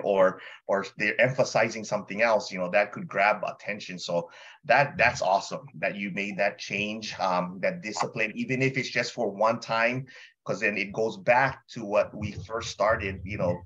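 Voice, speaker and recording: A man hosting a group update call, praising members with many fillers and pauses. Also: lowish voice, fairly bright tone, husky, dull audio. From Hawaii. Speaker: call host.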